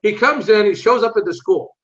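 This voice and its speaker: An older man telling lively, animated anecdotes as an interview guest, acting out other people's voices and swearing freely. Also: sits high, brisk. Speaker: interview guest, martial arts instructor. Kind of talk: casual storytelling. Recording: muffled lo-fi recording.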